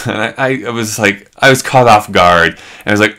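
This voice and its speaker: Guy on a live stream telling a story, bright voice, talks kinda low, says like a lot. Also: normal speed, few pauses. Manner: animated, chatty, heavy use of "like".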